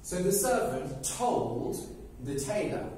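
A male teacher tells a story to learners at a crawling pace, breaking it into short, simple pieces and checking in after each one. His voice sits a little high for a man. The room rings with heavy echo and the mic is set well away from him, with a faint hum behind. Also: sing-song, dark tone. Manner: very slow and simple, checking with "okay?" after phrases. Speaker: English teacher telling a story. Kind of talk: slow storytelling for language learners. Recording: very echoey room, mic far off, faint background noise.

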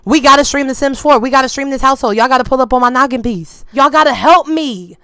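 A young woman casually commenting on her gameplay for viewers, excitable and quick to exclaim, with a lot of casual slang. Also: high-pitched, clear, resonant tone, no echo, clean studio sound. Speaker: game streamer.

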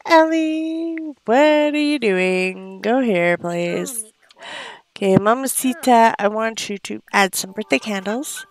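Speaking at medium pitch and taking her time, this woman hosts a let's play. Her commentary is casual and chatty, full of frequent gasps and cooing over the characters.

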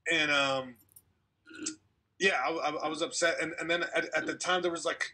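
A young male comedian tells a winding story in relaxed podcast chat, acting out what everyone said. His voice is bright and a little husky. He sounds like he's coming through a video call. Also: a little high, moderate pace. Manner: animated storyteller, acts out quotes, laughs. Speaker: comedian guest.

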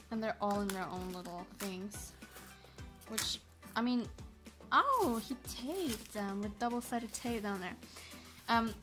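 A sleep-deprived, exhausted woman vlogging an unboxing on her phone at home, chatty and a bit apologetic. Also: mid-range voice. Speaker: pet vlogger. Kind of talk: casual unboxing vlog. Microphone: phone camera.

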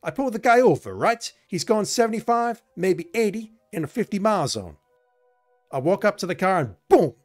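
A man voicing a brash, defensive young woman police officer in a shaky put-on accent, snapping back loudly. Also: sits high, big pitch swings, normal speed, faint music behind, pitched above the performer's own voice. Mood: indignant. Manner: loud, snappy, exasperated.

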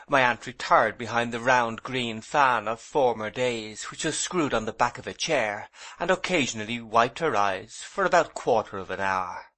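A man narrating a classic novel as an audiobook in a measured, plain storytelling manner. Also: medium pitch, bright, forceful tone. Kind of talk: scripted narration.

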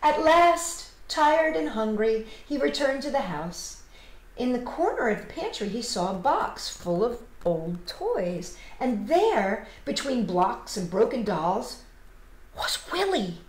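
A woman children's storyteller reading a picture book aloud, expressive and playful, talking to young viewers at home. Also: fairly high pitch, takes it slowly, slight background noise. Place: home, livestreamed. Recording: roomy home livestream audio.

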